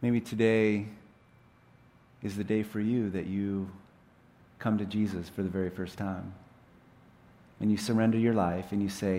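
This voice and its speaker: A male pastor giving a sermon, telling stories that swell in intensity and then drop to a low, quiet tone. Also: fairly even intonation, measured pace, long pauses. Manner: storytelling, building up scenes with rising intensity then dropping low.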